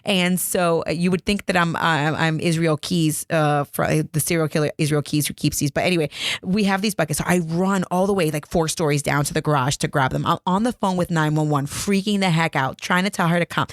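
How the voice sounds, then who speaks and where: A woman's voice: on the low side, fairly quick, no room sound. A woman in her thirties hosting a podcast, telling a story in a chatty, self-mocking way into a close microphone. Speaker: podcast host. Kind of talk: casual storytelling. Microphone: close podcast mic.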